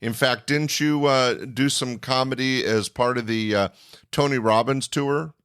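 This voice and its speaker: A man's voice: medium pitch, steady tone, unhurried, fairly bright tone, clear, resonant tone, no room sound, studio quality. A man hosting a casual interview, laughing along and asking his guest questions. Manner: laughs along, short affirmations. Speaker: podcast host.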